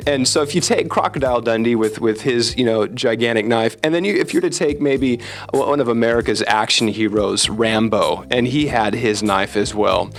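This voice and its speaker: A man's voice: mid-range voice, moderate pace, faint music behind. A man interviewing a pastor, upbeat, who stumbles through his questions and answers with frequent short affirmations. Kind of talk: casual interview.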